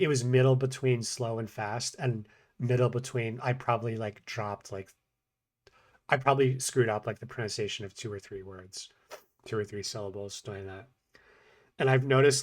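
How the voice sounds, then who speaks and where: In a mid-range voice, a man who vlogs about learning languages reflects on his practice casually and self-critically. He mumbles, goes from quick talk to slow, paused wording, and hesitantly repeats short phrases.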